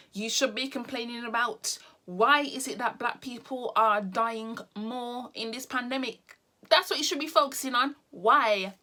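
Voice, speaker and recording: A woman's voice: on the high side, normal speed, sharp tone. A woman vlogger ranting blunt and exasperated to the camera, repeating her points.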